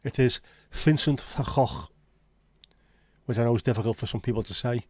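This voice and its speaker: A man's voice: medium pitch, steady tone, rapid-fire, a little mellow, slightly rough, no room sound, studio quality. A man with a Scouse accent hosting a livestream, chatting casually and answering viewers in blunt, sweary banter. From Liverpool, England. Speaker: livestream host. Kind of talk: casual chat reading live comments.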